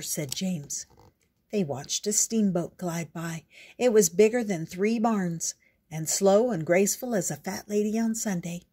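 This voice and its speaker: A woman reading a picture book aloud in a gentle, unhurried storyteller's way. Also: on the low side, slightly rough.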